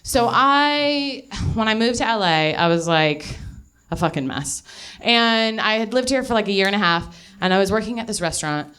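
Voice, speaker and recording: A woman's voice: medium pitch, animated, moderate pace, a bit bright, clean tone. A young woman doing live stand-up, telling a rambling, self-mocking story full of swearing and laughter, a little out of breath. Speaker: stand-up comedian. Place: live comedy venue.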